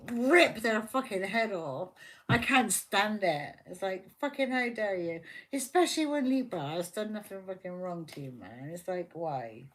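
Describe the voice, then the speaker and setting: A woman giving a live tarot reading, heated and fiercely protective of her viewer, swearing constantly. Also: mid-range voice. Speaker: tarot reader.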